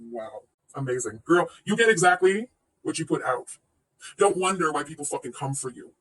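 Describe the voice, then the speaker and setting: A woman's voice: deep voice, animated, moderate pace, breathy edge. A woman in her thirties hosting a casual livestream, sarcastic and profane, laughing often as she reacts. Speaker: livestream host reacting to another streamer. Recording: voice a bit far from the mic.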